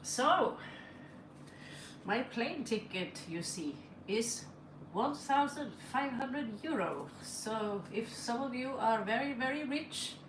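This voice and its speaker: Slow-talking woman reading tarot live. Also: on the high side, animated. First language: not English. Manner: chatty, laughing, reads cards aloud in broken English. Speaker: tarot reader. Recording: echoey room with faint ambient noise.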